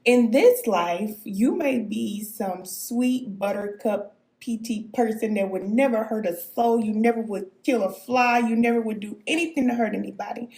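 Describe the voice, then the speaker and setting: Here the self-styled spirit guide streams a spiritual talk, replying to comments with emphatic preaching, frequent "okay?" checks and chuckles. She speaks a little high in a steady tone at moderate pace with few pauses, slightly mellow, in a roomy-sounding space.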